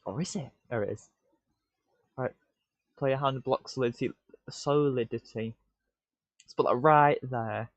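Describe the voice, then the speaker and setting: A man's voice: mid-range voice, unhurried, long pauses, no echo. Man muttering to himself while streaming. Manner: muttering to himself, excitable, stammering restarts. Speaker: live-coding streamer. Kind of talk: casual live-stream self-talk. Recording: dull lo-fi stream audio, dry.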